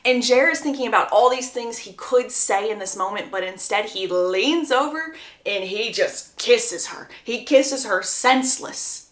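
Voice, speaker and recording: A young woman with a somewhat high voice tells a book's story as a lively, chatty recap, and she keeps stopping to gush about the scenes. Her voice rings a little in a roomy, echoey space. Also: unhurried. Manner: animated, gushing storyteller who breaks off to give opinions. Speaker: book recap creator. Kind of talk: chatty book plot recap.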